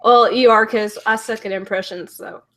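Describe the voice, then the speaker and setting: A woman's voice: a little high, steady tone, moderate pace, pushed and bright. A woman hosting a YouTube channel, chatting casually with a guest in a playful, giggly way. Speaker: YouTube host. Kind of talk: casual chat.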